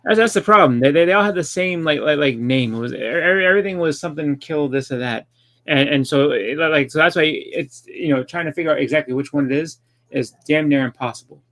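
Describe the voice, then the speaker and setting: A man in a casual podcast chat, talking quickly and repeating words as he goes. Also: on the high side, fairly bright tone. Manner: rapid, repeats words as he talks.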